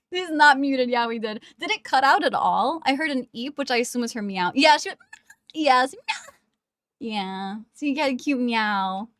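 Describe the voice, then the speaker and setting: High-voiced girl streamer, giggly, cooing baby talk to her cat, dry close wireless mic. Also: expressive, unhurried, pauses often, fairly bright tone, no room sound. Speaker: live streamer. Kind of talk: casual stream chat. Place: at home.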